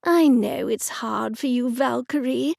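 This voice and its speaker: A woman's voice: high voice, expressive, measured pace, vocal fry, darkish tone, no room sound, clean studio sound, exaggerated voice. A woman narrator voicing Aunt Agnes, a kindly, theatrical elderly witch in an audiobook. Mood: patient. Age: older. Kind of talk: audiobook character voice.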